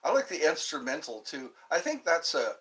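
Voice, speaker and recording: In a casual, meandering livestream, a man reads viewers' comments aloud and answers them. He speaks at normal speed, his voice on the high side, sing-song, with a fairly bright tone.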